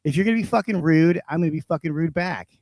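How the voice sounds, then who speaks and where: Male comedy podcaster, higher-pitched, foul-mouthed ranting, dry studio sound. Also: quick pace, darkish tone, no room sound. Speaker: podcast host. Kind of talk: profane comedic rant.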